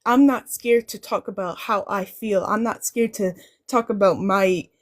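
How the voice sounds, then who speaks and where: A woman's voice: medium pitch, unhurried. A woman speaking as a guest on a live-stream panel, talking earnestly in a preachy way and repeating phrases for emphasis.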